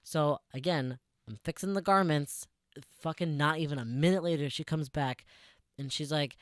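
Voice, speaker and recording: A young man with a slightly high voice speaks at a moderate pace into a close podcast mic, the sound dry and near with no echo or room noise. As a co-host, he retells a work story casually and sarcastically, swearing freely.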